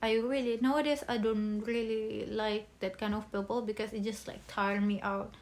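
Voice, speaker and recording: A young woman talking about a favorite book in a bubbly, chatty way, speaking English as a second language, with pauses and restarts. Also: mid-range voice, flat delivery, darkish tone. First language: not English. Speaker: book vlogger. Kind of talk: casual book chat.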